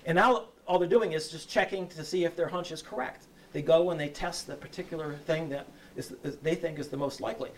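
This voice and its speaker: A man lecturing from some distance off the mic, his voice a bit high for a man. He answers questions in a loose, halting way, restarting phrases and tagging them with "right?". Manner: hesitant, restarts, says "right?" often.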